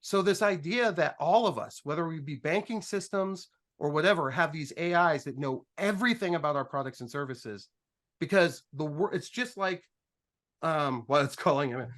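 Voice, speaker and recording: On a panel, a man with a higher-pitched voice tells a business story at normal speed, casually and with jokes. He's animated, acting out both sides of each conversation and frequently starting his sentences over.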